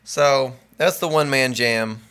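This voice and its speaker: A man's voice: mid-range voice, fairly bright tone, clean tone. A man co-hosting a comedic podcast in casual chat, laughing often and plugging the show's website. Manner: laughs often, plugs the website, slow spelled-out promos. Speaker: podcast co-host.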